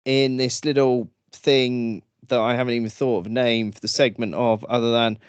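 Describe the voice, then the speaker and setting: A man's voice: mid-range voice, normal speed, clean tone, no room sound, dull audio. A man co-hosting a casual podcast, joking around, stammering into restarts and breaking into silly voices. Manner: animated, jokey, lots of stammered restarts and silly put-on voices. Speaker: podcast co-host. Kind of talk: casual chat.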